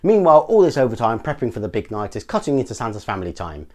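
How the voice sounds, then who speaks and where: An English man talks through a film review at a brisk clip, his voice rising and falling in a lively way. He sounds dry and sarcastic as he picks at the plot. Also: mid-range voice, over music. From England. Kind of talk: scripted film review narration.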